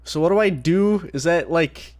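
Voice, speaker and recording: A man's voice: fairly high pitch, animated, moderate pace, a little mellow. A man streaming a game, giving crude, joking commentary and swearing often. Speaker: gaming streamer. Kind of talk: casual gameplay commentary.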